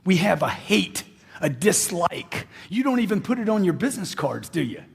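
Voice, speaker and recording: This man's voice is high and sing-song, with vocal fry and a slight roughness, at a normal speed. Working as a motivational speaker, he gives an emphatic live speech, firing questions at the audience and repeating lines for effect. The hall adds a long reverb.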